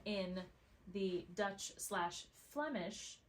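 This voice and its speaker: A Canadian woman co-hosting a podcast in a studio, telling stories in casual chat with quick asides. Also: medium pitch, expressive, a little hiss or hum. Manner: chatty storyteller, quick asides. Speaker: podcast co-host.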